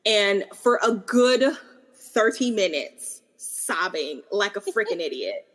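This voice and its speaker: A young woman co-hosts a book podcast in a relaxed, chatty way. She talks at a middle pitch and often laughs at her own stories. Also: slow. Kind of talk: casual book chat.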